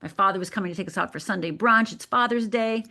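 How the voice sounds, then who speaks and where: A woman's voice: mid-range voice, quick pace, vocal fry, pushed and bright. A woman from Michigan, a life coach and guest on a radio interview, telling a personal story vividly and acting out the voices of the people in it. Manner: vivid, dramatic storyteller who acts out quoted voices.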